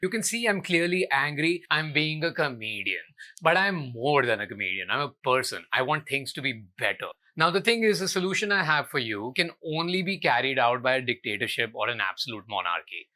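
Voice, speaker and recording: Indian male comic host, young, bright ringing voice, sarcastic ranter with big swings in pitch. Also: very animated, brisk. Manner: exasperated, sarcastic ranting. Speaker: comedian and show host. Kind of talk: scripted comedy commentary rant.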